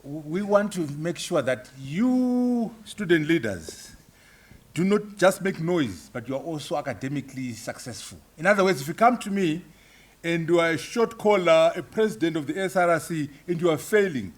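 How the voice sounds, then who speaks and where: A man's voice: a little high, a bit bright. A man, a professor, answering audience questions at a book launch, speaking emphatically and rhetorically, often adding tag questions and chuckles. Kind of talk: public lecture Q&A at a book launch.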